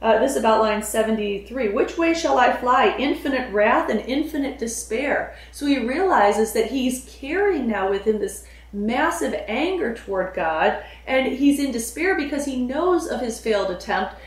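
A woman's voice: on the high side, expressive, normal speed, few pauses, recorded from a distance. A woman teaching a lesson on a poem, explaining passages line by line, with fillers as she thinks aloud. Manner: explanatory, paraphrasing quoted verse with fillers. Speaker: literature teacher. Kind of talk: lecture on a poem. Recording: echoey room.

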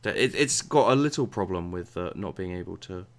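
Rambling low-voiced man reviewing a game. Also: lively intonation, moderate pace. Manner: rambling, stumbles and repeats words, mutters asides. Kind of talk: casual gameplay commentary.

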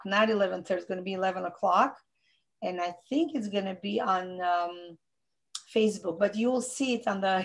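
Earnest woman with gravelly, accented English. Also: medium pitch. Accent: non-native English. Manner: earnest, repeats phrases for emphasis. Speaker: rebbetzin teaching a women's class. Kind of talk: informal Torah talk.

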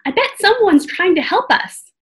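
Woman voicing bold little girl, storybook, excited, very high, bouncy intonation. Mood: eager. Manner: excited, quick to speak up. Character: eager bold young girl.

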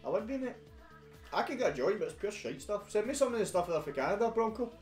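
A man's voice: high voice, animated, fast, a little mellow. A young Scottish man chatting casually as co-host, laddish and sweary, laughing often. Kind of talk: casual chat. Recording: echoey room with music behind.

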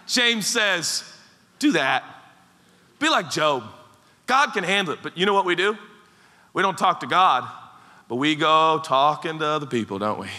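A man preaching a sermon as pastor, animated and playful, acting out mock voices as he goes. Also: a little high, moderate pace, pauses often. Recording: large hall with long reverb.

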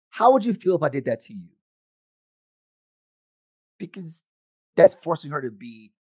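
Animated man giving a keynote. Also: medium pitch, slightly rough, no echo, clean studio sound. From United States. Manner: animated, acts out quoted voices of friends and himself. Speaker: conference speaker. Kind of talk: keynote talk.

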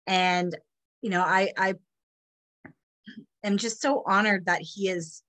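A woman hosting a community program on a video call, giving an emotional, halting introduction with many restarts while tearful. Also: mid-range voice, steady tone, a bit bright. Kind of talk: heartfelt spoken introduction.

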